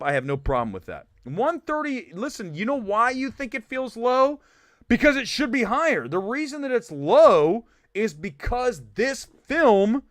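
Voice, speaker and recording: A man from Ohio hosting a live film talk stream, ranting quickly with animated, mock-shouted asides. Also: high voice, no echo, studio quality. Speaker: livestream film show host. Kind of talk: animated livestream rant.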